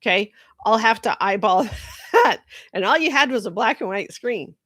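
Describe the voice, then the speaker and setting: A middle-aged woman in a marketing role speaks in a casual monologue, her voice on the high side, fairly bright, and lively in intonation at a normal speed. She's chatty and candid, with frequent asides and laughs. The recording is dry.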